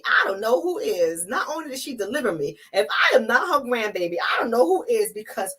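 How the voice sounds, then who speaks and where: Bronx woman vlogging, husky voice, keeps calling viewers y'all, real emphatic. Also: a little high, big pitch swings, normal speed, hardly any pauses, fairly bright tone. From the Bronx, New York. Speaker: relationship coach. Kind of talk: emotional vlog to camera.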